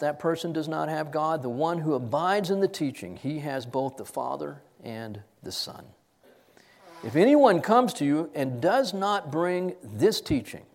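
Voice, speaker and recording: A middle-aged man preaching an expository sermon, emphatic, his voice rising and dropping sharply to stress points. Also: fairly high pitch.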